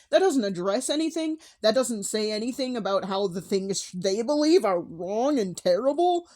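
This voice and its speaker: A woman's voice: on the high side, animated, unhurried, warm tone. A young adult woman talking candidly in a personal vlog, emotional, with sighs and restarts. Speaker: vlogger.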